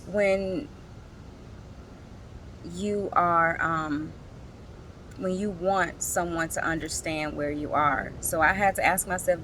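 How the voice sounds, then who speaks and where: Woman vlogging slow and halting, emotional, kinda teary, faint hiss behind. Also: lowish voice. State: tearful at times. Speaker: single parent. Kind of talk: personal reflective vlog.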